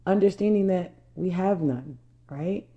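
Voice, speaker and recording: A woman from New Jersey speaks as a life coach with a low, mellow voice. She tells a personal story straight to her viewers, stressing her points and circling back over her words. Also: unhurried, highs cut off. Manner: emphatic, repeats herself, addresses viewers as y'all.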